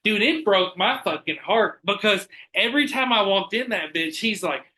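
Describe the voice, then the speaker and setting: A man hosting a podcast, telling stories in an animated, profane, casual way. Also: high voice, moderate pace. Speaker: podcast host. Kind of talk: casual chat.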